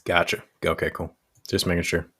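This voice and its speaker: A man narrating as game master in a casual, relaxed way. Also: low-pitched, brisk, husky.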